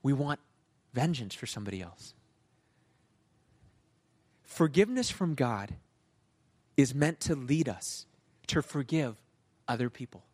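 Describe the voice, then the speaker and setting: A male pastor preaching a sermon in a conversational, animated storytelling manner. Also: on the high side.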